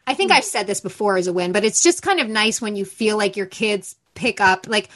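A woman's voice: mid-range voice, fairly quick, a bit bright. A woman co-hosting a podcast, chatting candidly and frankly about parenting and swearing freely. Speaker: podcast co-host. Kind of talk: candid casual chat.

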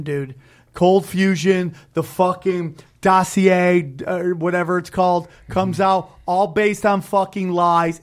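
A man's voice: sits high, a bit bright. Heated, swearing man ranting. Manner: heated, rambling, swears constantly. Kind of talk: casual profane chat.

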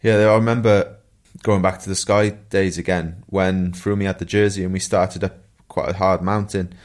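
Low-voiced Welsh man telling stories. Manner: relaxed storytelling with laughs and asides. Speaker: co-host, former pro cyclist. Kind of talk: casual podcast chat.

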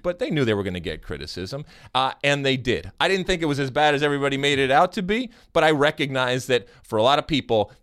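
An American man hosts a podcast in a loose, chatty style. He sounds animated and teasing and often stumbles and restarts mid-sentence. His voice sits at an everyday middle pitch. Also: clean tone. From United States. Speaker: podcast host. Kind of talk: casual podcast chat.

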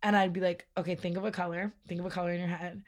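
A woman's voice: on the low side, little pitch movement. A young woman co-hosting a podcast in casual chat, rambling through stories with lots of "like" and laughter. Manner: fast rambling storyteller, full of "like" and laughs. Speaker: podcast co-host.

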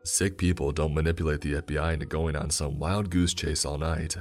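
A man voicing a charming, menacing male killer who talks in a smooth, mocking, self-justifying way. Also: rumbling low, little pitch movement, fairly quick, darkish tone. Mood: gloating.

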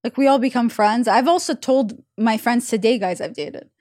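A woman's voice: fairly high pitch, moderate pace, a little mellow, dry recording, clean studio sound. A young woman with an Israeli accent hosting a podcast, telling rambling, self-mocking confessions in a candid way. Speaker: podcast host. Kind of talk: candid casual chat.

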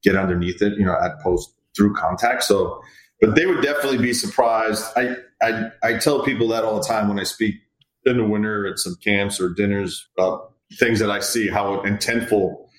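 His voice lowish and his pace moderate, a middle-aged hitting coach drifts through anecdotes about players during an easygoing interview chat. He acts out the players he quotes, and the room sounds echoey.

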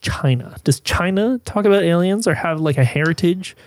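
A man's voice: high-pitched, expressive, normal speed. A man, a podcast guest, talking casually in a rambling, earnest way with lots of fillers. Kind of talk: casual chat.

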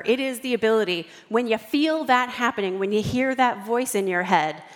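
Animated woman speaking in a reverberant hall. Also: a little high. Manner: expressive, acts out quoted voices. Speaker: author and guest speaker. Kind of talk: animated talk to a live audience.

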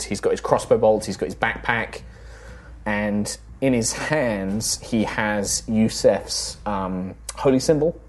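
A man narrating as game master of a tabletop game, loose and halting, with many fillers. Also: fairly low pitch, darkish tone.

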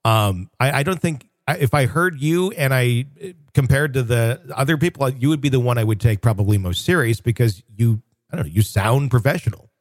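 A man's voice: medium pitch, animated, brisk, hardly any pauses, dry recording, clean studio sound. Man co-hosting a chatty podcast. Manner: rambling, with frequent restarts and fillers. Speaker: podcast co-host. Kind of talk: casual conversational chat.

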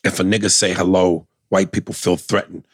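A man's voice: sits low, level tone, brisk, breathy edge, no echo. A man co-hosting a casual comedy podcast, reading listener letters aloud in a loose, profane way.

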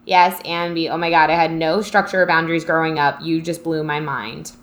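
A woman's voice: sits low, little pitch movement, a little fast. A young adult woman co-hosting a casual live chat, rambling and reflective, with lots of fillers. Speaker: co-host reading live comments.

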